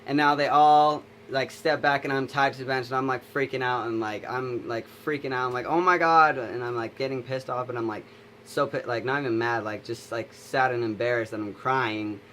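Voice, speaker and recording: This vlogger's mid-range voice is fairly bright and fairly quick, with little pitch movement. A young adult man, he rambles through a long story about his school days, full of fillers and restarts, with slight background noise behind him.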